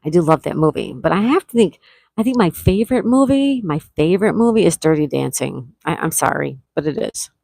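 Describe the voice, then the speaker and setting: A woman's voice: sits low, lively intonation, fairly quick, gravelly, warm tone, poor audio. A middle-aged woman from Florida hosting a casual livestream, chatting and reading viewers' comments aloud, greeting each by name. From Florida, USA. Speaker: livestream host.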